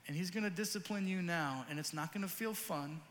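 A pastor in his forties preaching a sermon, earnest and emphatic, telling stories with lively energy. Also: sits high, fairly quick, in a large hall, slight background noise.

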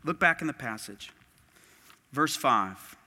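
A man's voice: mid-range voice, lively intonation, takes it slowly, sharp tone. A man preaching a sermon as pastor, emphatic and impassioned, with lots of repetition. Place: church sanctuary. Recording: long reverb of a large hall.

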